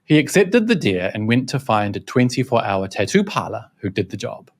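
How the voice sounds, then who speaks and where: A man's voice: on the low side, sing-song, normal speed. A man narrating scripted online commentary in a sarcastic, mocking manner.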